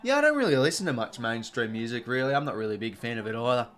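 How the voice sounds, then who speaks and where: A man's voice: mid-range voice, very animated, rapid-fire, fairly bright tone. Chatty Australian man streaming live. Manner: chatty, many fillers, reads and answers viewer chat. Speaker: streamer hosting a live watch-along. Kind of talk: casual live-stream chat.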